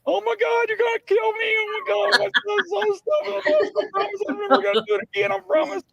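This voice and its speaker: A man's voice: big pitch swings, a little fast, creaky, a loud crowd, exaggerated voice. A man voicing a terrified male panhandler who pleads and wails for his life. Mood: panicked pleading. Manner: high wailing pleading.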